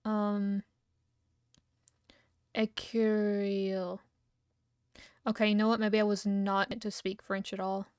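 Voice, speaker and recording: A woman's voice: medium pitch, clear, resonant tone, dry recording, clean studio sound. A young woman streamer chatting casually and loosely, humming and giggling between thoughts while she eats. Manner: relaxed, rambling, hums and giggles often. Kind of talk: casual livestream chat.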